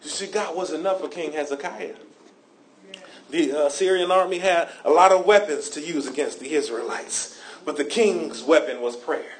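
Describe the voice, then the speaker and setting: A man preaching a sermon with grammar, repeating "amen" often and swinging from quiet storytelling to loud shouts. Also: fairly high pitch, moderate pace, distant mic. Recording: echoey room.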